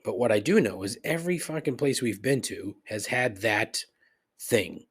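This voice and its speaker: A man's voice: medium pitch, animated, normal speed, husky. Profane, sardonic man ranting. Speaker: podcast host. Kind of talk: casual rant.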